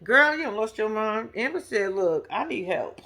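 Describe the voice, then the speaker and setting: Sassy bright-voiced woman recapping TV. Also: mid-range voice, sing-song, moderate pace. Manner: blunt, sassy, laughs often; slangy and profane, addresses viewers directly. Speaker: vlogger recapping a reality show. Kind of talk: casual reaction commentary.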